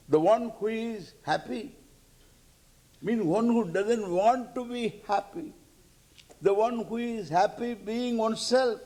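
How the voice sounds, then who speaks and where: A man's voice: sits high, mellow. An older man, giving a scripture lecture with jokes and chanted verses. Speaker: spiritual teacher.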